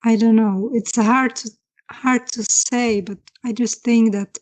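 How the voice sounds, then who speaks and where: Playing her character in a tabletop game, a woman speaks in role with hesitation, hunting for words and restarting often. Her voice is on the high side, with a steady, darkish tone and a measured pace. The recording is rough.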